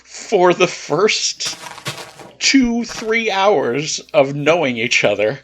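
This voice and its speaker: Slow-talking man telling a story. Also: a little high, slight background noise. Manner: relaxed, rambling anecdotal delivery. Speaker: gaming channel host. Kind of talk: casual storytelling over gameplay.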